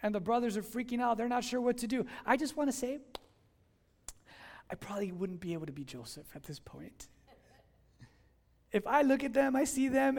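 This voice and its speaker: A male pastor giving a sermon, telling a story with lively voiced dialogue. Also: very high-pitched, creaky. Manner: animated storytelling, acting out dialogue.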